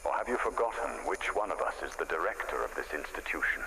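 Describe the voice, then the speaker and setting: A deep gravelly arrogant doctor. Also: male voice, lively intonation, fast, in a large hall, noisy background. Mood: contemptuous. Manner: cold, condescending. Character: arrogant middle-aged male asylum director.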